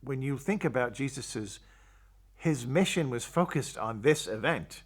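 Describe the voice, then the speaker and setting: A man's voice: medium pitch, expressive, unhurried, breathy edge. Man, older, Catholic priest, storytelling testimony, acts out quotes. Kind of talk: personal testimony.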